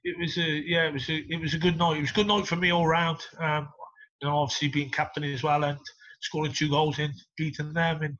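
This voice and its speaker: A middle-aged former footballer, telling stories casually, swearing and laughing a lot. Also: male voice, a little high, brisk. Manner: swears a lot, laughs through stories, gets loud when excited. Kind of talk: casual storytelling interview. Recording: dull lo-fi audio.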